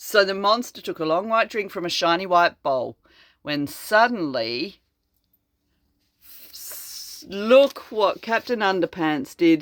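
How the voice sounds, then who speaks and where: An older woman reading a storybook aloud to her grandchildren, slow and expressive, chatting to them about the pictures. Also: on the low side, dry recording. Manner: slow and expressive, chatting to children between lines. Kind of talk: read-aloud storytelling to children.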